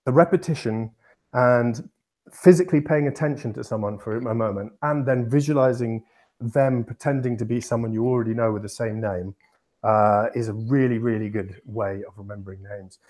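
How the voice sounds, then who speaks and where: A man's voice: medium pitch, normal speed, darkish tone. A man from England co-hosting a podcast, explaining at length in a casual, rambling way with many restarts. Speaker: podcast co-host.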